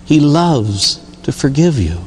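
A middle-aged man preaching a sermon as a priest, telling stories in an animated way and mimicking other people's voices. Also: a little high, slow, a little hiss or hum. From Pittsburgh area, USA. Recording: long reverb of a church hall.

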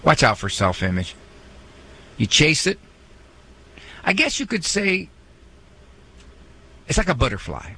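A man hosting a radio talk show, speaking in a lively, folksy way with joking asides. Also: on the high side, unhurried, pauses often, slight background noise, rough recording. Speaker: radio host and psychologist.

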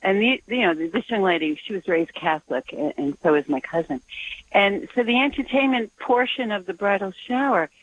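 A woman's voice: medium pitch, animated, normal speed. Woman, radio caller, earnest, concerned, muffled phone line, faint hiss. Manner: earnest, concerned, speaks with restarts. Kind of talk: phoned-in call to a radio show. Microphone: telephone.

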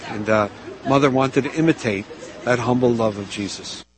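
A man preaching a sermon, narrating and exhorting in a calm, measured way. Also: mid-range voice, rough recording.

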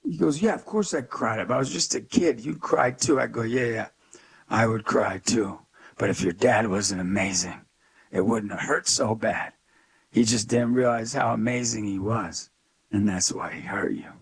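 A man's voice: on the low side, normal speed, creaky, breathy edge. A man being interviewed as a guest, telling stories with energy and emphasis and acting out the people he quotes. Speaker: guest, youth speaker. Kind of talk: animated storytelling interview.

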